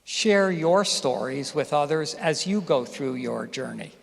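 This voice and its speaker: A man's voice: fairly high pitch, lively intonation, measured pace, creaky. A man giving a commencement speech, telling stories and asking the audience questions. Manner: storytelling, addresses audience directly with questions. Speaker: commencement speaker. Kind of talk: graduation speech. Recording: reverberant hall.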